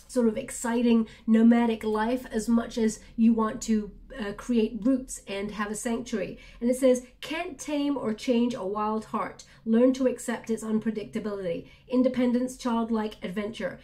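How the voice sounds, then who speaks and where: A woman reading tarot cards, speaking in a soft, reassuring, chatty way with many fillers. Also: on the high side. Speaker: tarot reader. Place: indoors at a table.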